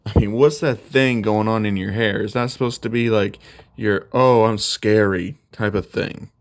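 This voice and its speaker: A man's voice: on the low side, fairly even intonation, normal speed, lightly acted. Man voicing a blunt cocky teen hero. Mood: mocking. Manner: blunt, offhand, teasing.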